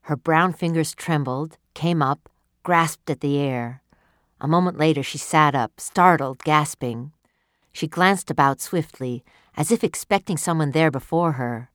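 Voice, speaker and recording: A woman narrating a story in a measured, expressive way. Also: low voice, no room sound, studio quality.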